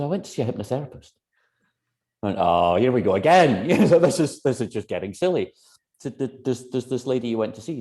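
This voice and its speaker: A man, a guest hypnotherapist on a video call, telling stories lively, acting out quotes and laughing often. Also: mid-range voice, gravelly. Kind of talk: animated anecdotal storytelling.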